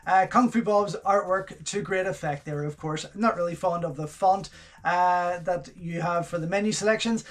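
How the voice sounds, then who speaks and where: A man's voice: high-pitched, moderate pace. Gushing man unboxing with enthusiasm. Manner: gushing, enthusiastic, repeats praise words. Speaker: channel host reviewing home video releases. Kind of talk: casual unboxing commentary.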